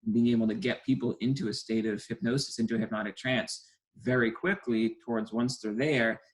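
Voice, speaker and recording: A man's voice: mid-range voice, fairly even intonation, fairly quick, low-quality recording. A man in his twenties, a stage hypnotist, talking casually and eagerly as an interview guest. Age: 20s.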